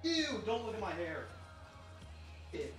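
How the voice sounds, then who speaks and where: Excitable young man streaming, pitch all over. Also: slow, faint music behind. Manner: excitable, rambling, swears, talks to chat. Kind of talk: casual live-stream chat.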